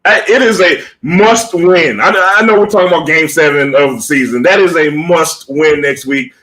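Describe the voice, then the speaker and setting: A man co-hosting a sports podcast, playful and quick to laugh in casual chat. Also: fairly high pitch, fairly bright tone, poor audio. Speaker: podcast co-host.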